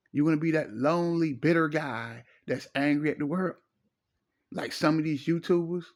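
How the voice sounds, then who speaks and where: A middle-aged man, giving preachy, emphatic relationship advice in a casual monologue and repeating his phrases. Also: a little high. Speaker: relationship commentator.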